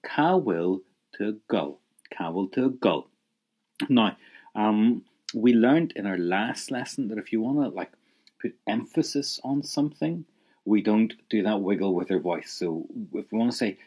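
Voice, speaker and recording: A man's voice: on the low side, animated, unhurried, dark tone, husky. A man teaching an audio language lesson, encouraging the listener and prompting them to repeat phrases.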